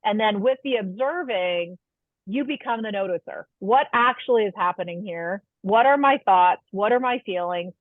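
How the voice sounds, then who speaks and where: A woman presents a webinar in a calm, explaining lecture style, often asking her listeners questions. Her voice sits at an ordinary middle pitch. It comes through a thin, phone-like line with a dry sound. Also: normal speed, no echo. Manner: warm explanatory, asks the audience questions.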